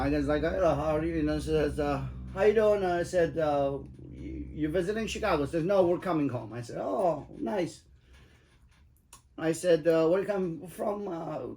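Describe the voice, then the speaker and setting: A middle-aged man spins cab-driver stories in a loose, rambling chat. His voice sits a little high, and he swears freely for emphasis, stacking fillers as he goes. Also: a little mellow. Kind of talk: casual storytelling chat.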